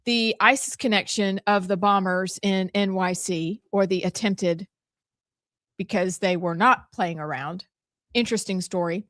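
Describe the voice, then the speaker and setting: A playful woman co-hosts a talk show with easy, bubbly banter. Her voice sits at a middling pitch and sounds close and dry. She jokes freely with her co-hosts. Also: a bit bright, no echo. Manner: bubbly, playful, quick to laugh. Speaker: radio show co-host. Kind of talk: casual morning-show banter.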